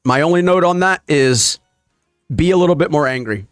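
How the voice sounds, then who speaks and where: A man's voice: on the high side, lively intonation, moderate pace, clean tone, no room sound, studio quality, faint music behind. A man giving a heated, profane reaction commentary on political clips, ranting in a casual way.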